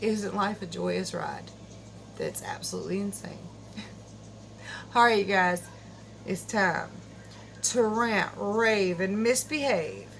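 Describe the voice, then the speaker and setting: Goofy middle-aged lady vlogging at home, gravelly voice, noisy recording. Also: mid-range voice. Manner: goofy, chatty, quick to laugh. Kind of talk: casual chat.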